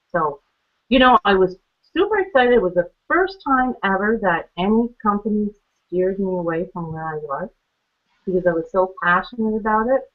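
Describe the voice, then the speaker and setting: A woman talks through her own story on a training call, chatty and quick to laugh. She acts out the conversations she remembers. The sound is thin and narrow, like a phone line. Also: mid-range voice. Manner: chatty, laughs often, acts out quoted exchanges. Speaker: guest speaker on a training call. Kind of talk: personal testimony.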